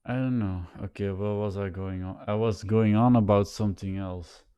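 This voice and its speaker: A man rambling to a camera set a little way off, thinking aloud in a halting, self-conscious way, with a nasal voice and many repeated words and restarts. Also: lowish voice, fairly even intonation, mellow, smooth, muffled recording. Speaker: vlogger. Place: sitting in front of a camera.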